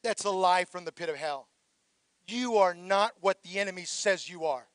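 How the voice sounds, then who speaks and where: A male pastor preaching a sermon, rising into shouted calls for praise and dropping quiet for reflective passages. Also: high-pitched, moderate pace, dry recording.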